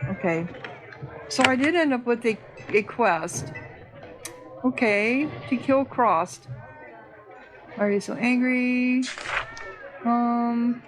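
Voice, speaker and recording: A woman's voice: fairly high pitch, takes it slowly, pauses often, over music. Hesitant woman reading game text. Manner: hesitant, with fillers. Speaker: let's play host.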